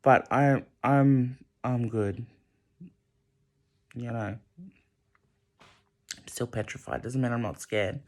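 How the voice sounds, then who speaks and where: Young guy rambling on camera late at night, emotional, stumbles and restarts a lot, mid pitched voice. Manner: emotional, halting, many restarts. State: emotional, close to tears. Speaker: vlogger.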